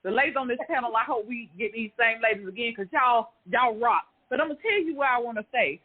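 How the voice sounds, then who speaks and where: An animated woman panelist with a husky, slightly breathy voice. The sound is narrow and tinny, like a phone call. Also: a little high, fast. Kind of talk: lively panel chat.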